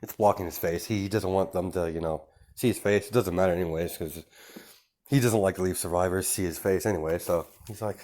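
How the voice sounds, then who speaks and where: A man's voice: deep voice, fairly quick, mellow, a little hiss or hum. A young man improvising a fan fiction story, rambling with many fillers and restarts.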